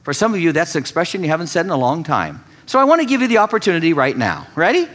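A man preaching a sermon, reading scripture and then teaching with animated, mocking paraphrases. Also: fairly high pitch, very fast. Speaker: pastor.

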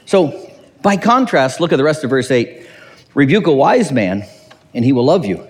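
A man preaching a sermon as pastor, animated and acting out quotes with dry humor. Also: mid-range voice, fairly quick, long reverb tail.

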